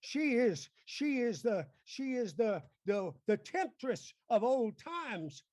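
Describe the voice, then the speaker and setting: A man's voice: extremely high pitch, very animated, takes it slowly, a little mellow, no room sound, clean studio sound, full character voice. A man playing a pompous, blustering old senator. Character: blustering older male senator, pompous and scolding. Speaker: improv stage actor. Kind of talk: improvised mock-Shakespearean stage acting.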